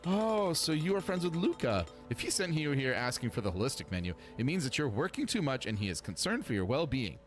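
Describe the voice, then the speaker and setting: A man's voice: mid-range voice, big pitch swings, brisk, hardly any pauses, faint music behind, pitched above the performer's own voice, lightly acted. A man voicing a welcoming woman who owns a farmhouse restaurant, speaking like a hostess greeting guests. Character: warm middle-aged woman farmhouse owner.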